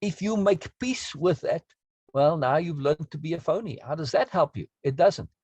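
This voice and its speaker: Husky man teaching earnestly. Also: a little high, lively intonation, moderate pace, darkish tone, no room sound. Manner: earnest, emphatic, often asks "right?". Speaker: course teacher. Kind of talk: spoken lesson on self-talk.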